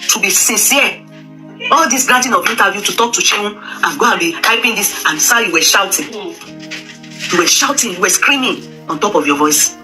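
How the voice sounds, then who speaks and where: A woman's voice: mid-range voice, lively intonation, a little fast, sharp tone, faint music behind. A Nigerian woman commenting on current affairs in a casual, emphatic way, repeating herself, hesitating often and slipping into Pidgin. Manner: emphatic, repetitive, with Pidgin asides and frequent hesitations. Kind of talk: casual opinion talk.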